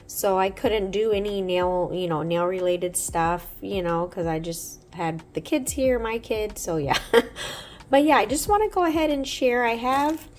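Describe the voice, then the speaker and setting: A woman's voice: medium pitch, unhurried, a little hiss or hum. A woman vlogging casually at home about a nail haul, her voice cracking from a sore throat, chatty and rambling with many fillers. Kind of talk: casual chat. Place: home, indoors.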